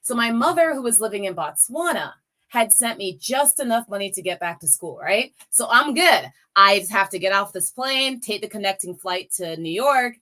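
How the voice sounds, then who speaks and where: A woman's voice: mid-range voice, lively intonation, moderate pace, bright, forceful tone. A woman in her forties, a guest speaker on a campaign call, telling a personal story with emotion and rallying her listeners directly. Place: lives in the US Midwest.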